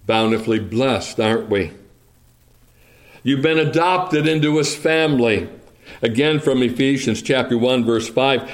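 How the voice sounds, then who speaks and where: Slow, deliberate male preacher. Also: mid-range voice. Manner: slow, deliberate preaching with King James scripture readings. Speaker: pastor. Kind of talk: sermon.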